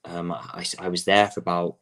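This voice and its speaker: A young Englishman with a low, deep voice talks casually as a guest about coaching soccer. He rambles loosely, circling back and restarting his sentences and leaning on filler words. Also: little pitch movement, normal speed, fairly bright tone. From England. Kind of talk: casual interview talk.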